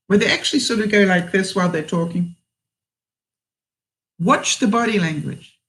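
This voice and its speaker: A woman's voice: medium pitch, poor audio. A woman vlogger giving frank advice to her viewers, laughing often and acting out what she would say. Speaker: vlogger answering viewer questions. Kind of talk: casual advice talk.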